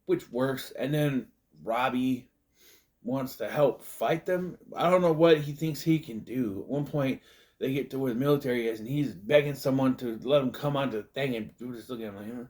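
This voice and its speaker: A man recapping a movie in a loose, casual way, often slipping into quick put-on voices to act out the scenes. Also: mid-range voice, darkish tone. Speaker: movie reviewer.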